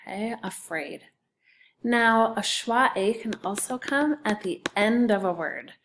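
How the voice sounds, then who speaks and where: Woman teacher, children's spelling lesson, slow, careful delivery. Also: on the high side, fairly bright tone, slight background noise. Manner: slow, patient, sounding out syllables.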